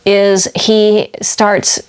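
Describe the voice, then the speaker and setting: A woman's voice: mid-range voice, level tone, extremely slow, clean tone. A woman hosting a casual video, chatting and retelling fairy tales with frequent little laughs. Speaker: video host. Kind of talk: casual storytelling vlog.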